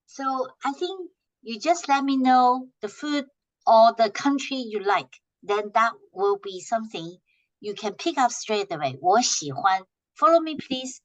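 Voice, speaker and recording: A woman teaching a language class, patiently repeating short phrases slowly for her students to echo. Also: on the high side, sing-song.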